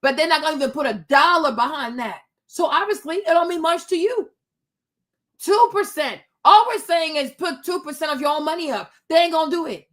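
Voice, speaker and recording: A woman's voice: high-pitched, a little fast, a bit bright. A woman hosting a commentary show, ranting in a brash, mocking, emphatic way. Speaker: host.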